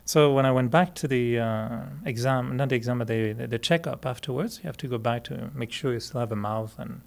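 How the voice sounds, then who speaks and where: A native French speaker with a French Canadian accent, this man teaches meditation to a group in a relaxed, chatty style, laughing often and restarting his sentences. His voice is medium-pitched and creaky, and he talks briskly.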